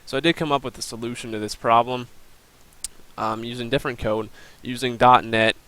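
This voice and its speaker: A man's voice: mid-range voice, fairly even intonation, fairly quick, pushed and bright, smooth, low-quality recording. A young man giving a recorded class presentation, plainly explaining and walking through a screen demo with the odd um and uh. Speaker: student presenter.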